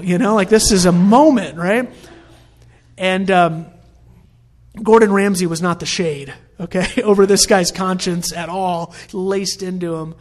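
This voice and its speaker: A man's voice: sits high, unhurried. A middle-aged man preaching a sermon in a conversational, storytelling way. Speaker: pastor.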